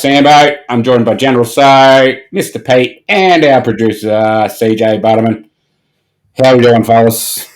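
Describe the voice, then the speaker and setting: A man hosting a casual podcast, swearing freely and laughing often with his mates. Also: medium pitch. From Australia. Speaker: podcast host.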